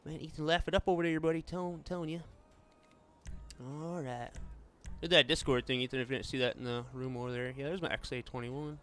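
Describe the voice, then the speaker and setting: A man's voice: fairly high pitch, steady tone, a little fast, fairly bright tone. A man streaming a racing game, chatting casually with viewers and friends and calling them "man" and "buddy". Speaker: gaming streamer. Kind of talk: casual gameplay chat.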